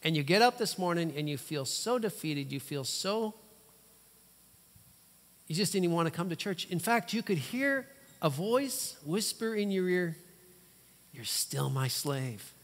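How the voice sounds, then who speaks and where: Animated guy preaching, asks the crowd lots of questions, kinda high voice, big echoey church. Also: moderate pace. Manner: animated, rhetorical questions, playful asides. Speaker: guest preacher. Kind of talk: sermon. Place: church sanctuary. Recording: long church hall reverb.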